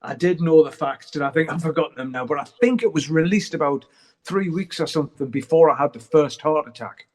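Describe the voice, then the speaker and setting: A man's voice: on the high side, lively intonation, a little fast. A middle-aged man, chatting candidly as an interview guest and swearing freely as he rambles. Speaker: guest musician. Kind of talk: casual interview chat.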